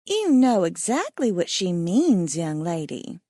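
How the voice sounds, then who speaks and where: A woman's voice: lowish voice, big pitch swings, slow pace, mellow, no echo, studio quality, exaggerated voice. A woman voicing a blunt, feisty elderly woman who talks in a folksy way. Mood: teasing. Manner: folksy, plain-spoken.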